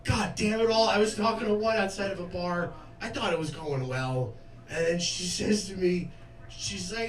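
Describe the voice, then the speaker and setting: A man's voice: high-pitched, normal speed. A man in his twenties doing a stand-up comedy set, jovial, crude and self-mocking. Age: 20s. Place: comedy club stage. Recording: roomy club sound from a distance with audience laughter.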